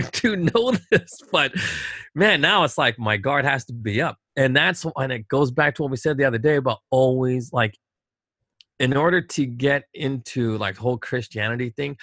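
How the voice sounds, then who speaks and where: A man's voice: mid-range voice, a bit bright, no echo. Man, middle-aged, casual talk host, emphatic, repeats himself, dry studio sound.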